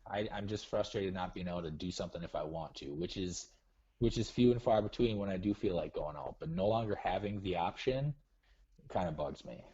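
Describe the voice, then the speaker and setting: A man's voice: low-pitched, brisk, dark tone, husky, dull audio. A man calling into a live show, chatting casually and grumbling in a self-deprecating way. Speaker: caller. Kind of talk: casual chat.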